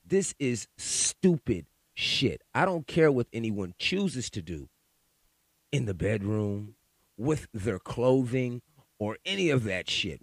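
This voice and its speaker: A man hosting his own podcast delivers a profane, heated monologue with lots of repeated words. His pitch swings widely as he talks. The sound is close and dry, with no room around it. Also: no echo. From Sacramento, California. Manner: profane, animated, repeats words when worked up. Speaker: podcast host. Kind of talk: ranting monologue.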